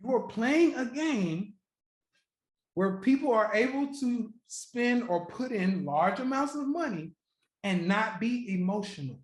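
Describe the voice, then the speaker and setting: A man hosting a trading livestream, chatting casually and profanely with viewers, joking, laughing often and repeating his points slowly. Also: sits high, expressive. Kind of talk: casual live-stream chat with viewers. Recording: roomy echo.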